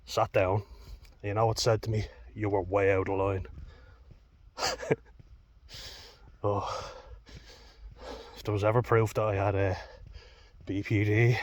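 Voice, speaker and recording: Low-voiced Irish man venting. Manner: heated, sweary, candid recounting. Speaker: vlogger. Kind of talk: personal storytelling vlog.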